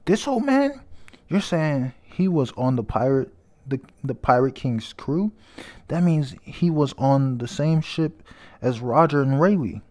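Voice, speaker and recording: A man voicing an excitable young male pirate captain from a comic, exclaiming in surprise. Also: mid-range voice, a little slow, pitched above the performer's own voice, close to an everyday voice. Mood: surprised.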